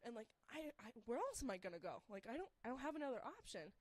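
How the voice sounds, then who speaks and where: A woman's voice: fairly high pitch, sing-song, quick pace, a little mellow, no room sound. A young woman telling a story casually, rambling and filling her talk with "like". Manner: rambling, heavy use of "like", laughs through the story.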